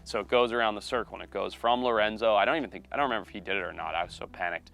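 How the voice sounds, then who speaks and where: A man, a wildlife biologist and TV host, telling a story in a casual, animated way. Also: fairly low pitch, very fast, creaky, a little hiss or hum. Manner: animated, acts out quoted voices.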